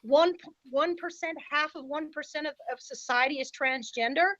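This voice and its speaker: A woman's voice: high voice, normal speed, a bit bright, no room sound, muffled recording. A woman guest in a casual podcast conversation, talking in an emphatic, indignant way.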